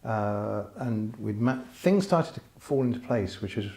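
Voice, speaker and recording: A man's voice: lowish voice, lively intonation, measured pace, warm tone. A man, a filmmaker interviewing an actor, speaking in a hesitant, casual way with many restarts. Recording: echoey room.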